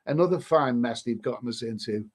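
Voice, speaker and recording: A man's voice: mid-range voice, a little fast, breathy edge. A man hosting a casual live stream, reading viewer comments aloud and answering them with rambling, chuckling asides and many restarts.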